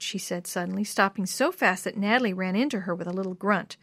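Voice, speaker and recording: Lady reading a kids story aloud, gentle, bone-dry mic. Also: mid-range voice, brisk, hardly any pauses, no room sound. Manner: gentle, expressive read-aloud. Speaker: narrator.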